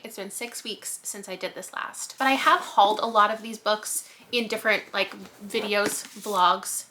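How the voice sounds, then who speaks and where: Bright chatty woman doing a book haul. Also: medium pitch. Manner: chatty, rambling, self-mocking asides. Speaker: booktuber host. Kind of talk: casual book haul vlog.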